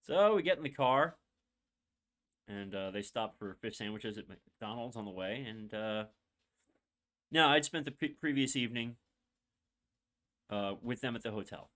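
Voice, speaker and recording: A man's voice: medium pitch, expressive, measured pace, long pauses, fairly bright tone. A young man hosting a podcast, telling a long personal story in a rambling, candid way with many fillers and asides, emotional and holding back tears. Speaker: podcast host.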